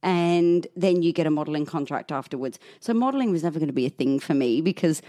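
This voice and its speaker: A woman co-hosting a podcast, telling stories in lively casual chat and swearing freely. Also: deep voice, fast, dry recording, clean studio sound. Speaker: podcast co-host.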